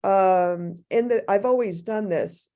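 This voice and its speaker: A woman speaking as a faculty panelist in an academic discussion, thoughtful and halting, with many restarts. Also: mid-range voice, mellow.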